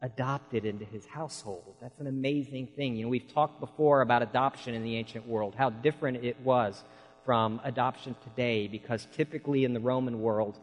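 A man's voice: medium pitch, fairly even intonation, brisk, in a large hall, poor audio. A man preaching a sermon, telling folksy stories in an earnest way.

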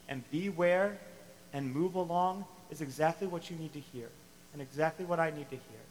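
A man preaching a sermon to a congregation, animated and emphatic, acting out the lines he quotes. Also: a little high, long reverb tail, a little hiss or hum, poor audio. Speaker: pastor.

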